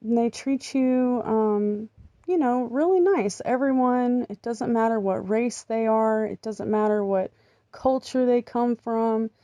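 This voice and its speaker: Slow, chatty woman vlogger. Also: on the high side, mellow, no room sound. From American. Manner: rambling, chatty, with frequent ums and laughs. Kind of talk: casual chat.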